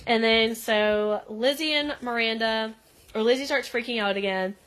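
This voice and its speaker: A woman's voice: a little high, normal speed, fairly bright tone, clear, resonant tone. A young woman co-hosting a podcast, chatting casually and laughing often, with lots of "like" fillers. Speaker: podcast co-host. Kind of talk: casual recap chat.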